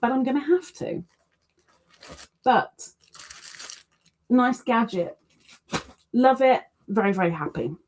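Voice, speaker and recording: A woman's voice: a little high, expressive, slow pace, long pauses, a little mellow. A woman hosting a casual crafting livestream, reading out viewer comments with chatty, self-deprecating asides. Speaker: crochet livestream host.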